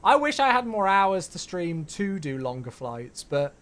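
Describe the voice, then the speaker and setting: A man's voice: high-pitched, very animated, unhurried, a bit bright. A man streaming a flight simulator, chatting casually with viewers and greeting them by name as he reads back radio calls. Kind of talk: casual live-stream commentary.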